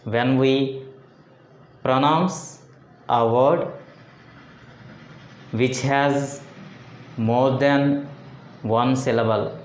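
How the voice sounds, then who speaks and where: Very slow, deliberate male English teacher. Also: medium pitch, roomy sound. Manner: deliberate, repeats words and phrases for emphasis. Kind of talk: slow phonetics lesson.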